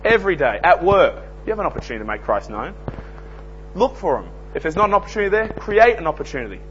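A man's voice: on the high side, very animated, quick pace, a bit bright. An earnest young Australian man preaching an evangelistic sermon, telling plain-spoken anecdotes. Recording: dull lo-fi recording with faint hum.

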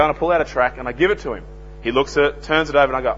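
A man's voice: medium pitch, very fast, a bit bright. An earnest young Australian man preaching an evangelistic sermon, telling plain-spoken anecdotes. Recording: dull lo-fi recording with faint hum.

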